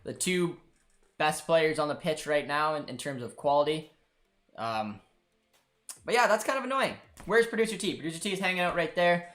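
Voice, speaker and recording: Here the Canadian host of a live football watchalong rambles to his viewers and producer in a slightly high, animated voice. The tone is fairly bright and the pace moderate, with faint music underneath.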